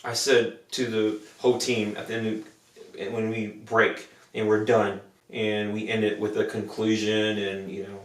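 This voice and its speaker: A man's voice: on the low side, little pitch movement, measured pace, recorded from a distance. A young adult man, a podcast co-host, telling earnest, rambling stories in casual chat and acting out the people he quotes. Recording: roomy, from off the mic.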